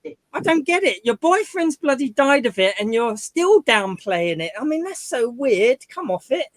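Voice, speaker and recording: High-voiced smug man. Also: sing-song, moderate pace, poor audio. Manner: smug, defensive, keeps talking over others. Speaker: guest. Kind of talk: heated argument on a live stream.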